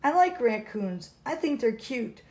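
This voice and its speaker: A woman's voice: fairly high pitch, very animated, measured pace, darkish tone. A woman reading aloud, voicing a young boy who keeps stalling at bedtime in an earnest, pleading way.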